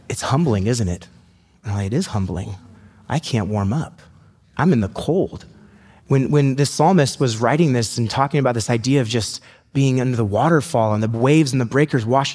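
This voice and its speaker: A man preaching a sermon in a conversational, storytelling way, slowing down to read scripture. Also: mid-range voice, a little mellow, slightly rough, in a large hall. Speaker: pastor.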